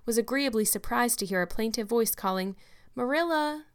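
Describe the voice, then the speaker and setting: A woman's voice: fairly high pitch, fairly even intonation, a little fast. A woman narrating an audiobook. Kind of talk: scripted narration.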